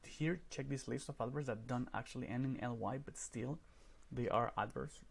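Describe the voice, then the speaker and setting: A man's voice: medium pitch, normal speed, creaky, husky. A man teaching a recorded grammar lesson over slides, explaining step by step and often checking in with "right?".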